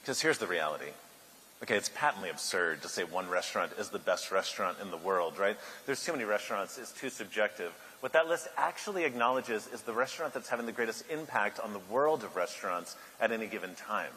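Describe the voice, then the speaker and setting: Animated man telling stories in a hall. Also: fairly low pitch, fast, slight background noise. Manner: animated storyteller, builds to loud outbursts. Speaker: keynote speaker. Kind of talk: storytelling keynote speech. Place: large banquet hall. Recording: echoey hall, faint ambience.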